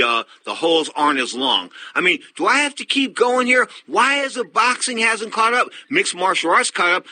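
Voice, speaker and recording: A man's voice: sits high, pushed and bright. A man hosting a sports radio show, talking bluntly and emphatically and repeating his points. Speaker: radio host. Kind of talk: opinionated sports radio talk.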